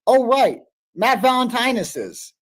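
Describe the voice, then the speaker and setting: A man's voice: extremely high pitch, big pitch swings, unhurried. A man hosting a live stream, mocking what he hears in profane, sarcastic casual commentary. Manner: mocking, sarcastic, swears a lot.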